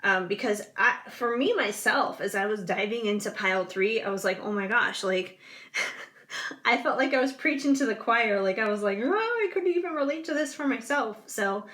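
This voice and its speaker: A woman's voice: mid-range voice, moderate pace, bright, forceful tone. A woman reading tarot cards for viewers in a chatty, rambling way, with lots of fillers, yawning now and then. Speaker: tarot reader.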